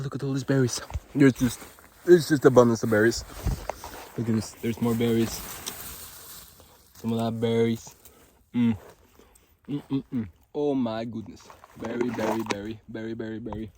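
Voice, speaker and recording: This Norwegian man, speaking with a Norwegian accent in a mid-range voice, is vlogging on a casual walk through a forest on a hot day. He gushes excitedly and rambles, filling gaps with lots of fillers, against slight background noise.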